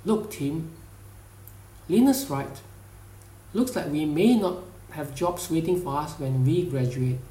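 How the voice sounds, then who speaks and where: A man reading as a calm young student leader. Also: a little high, slow pace, pauses often, reverberant, poor audio. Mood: serious. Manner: steady, reassuring.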